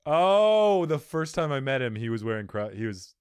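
Lively, jokey podcast host. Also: male voice, mid-range voice, clean tone, no echo. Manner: jokey interjections, quick reactions. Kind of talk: casual chat.

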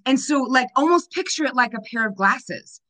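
Bright, upbeat woman on a call. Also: high voice, expressive, moderate pace, poor audio. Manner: upbeat, emphatic, laughs often. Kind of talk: casual chat on a video call.

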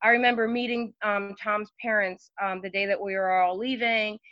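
A woman's steady, medium-pitched voice moves at normal speed in a dry, slightly dull lo-fi recording without echo. Appearing as a podcast guest, she tells casual stories in a chatty way packed with fillers.

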